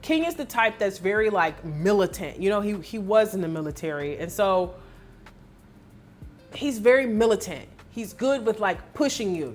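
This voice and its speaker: Woman fitness coach, candid vlog recap, expressive and emotional delivery, mid-pitched voice. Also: normal speed, faint music behind. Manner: emotional, expressive storytelling with many fillers.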